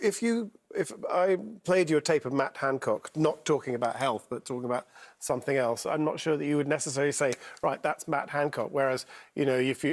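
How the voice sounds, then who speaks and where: A man appearing as an impressionist guest, chatting playfully and digressing. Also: fairly high pitch. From England. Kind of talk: chatty studio talk.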